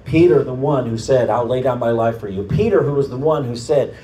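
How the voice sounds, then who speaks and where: A man's voice: fairly quick, recorded from a distance, a little hiss or hum. Man preaching in an echoey hall. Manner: storytelling, building to loud emphatic peaks then dropping low. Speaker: pastor. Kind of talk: sermon. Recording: echoey room, voice off-mic.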